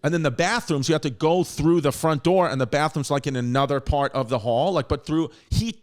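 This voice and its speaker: A man in his thirties hosting a podcast, telling a story in a rambling, animated way with frequent restarts and swearing. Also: on the high side, a little fast. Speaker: podcast host. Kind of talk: casual storytelling.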